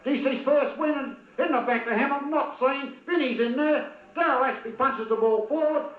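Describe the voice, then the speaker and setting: A man with an Australian accent giving excitable, partisan commentary on a local football match and calling out to the players by name. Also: very high-pitched, moderate pace, reverberant, narrow, tinny audio.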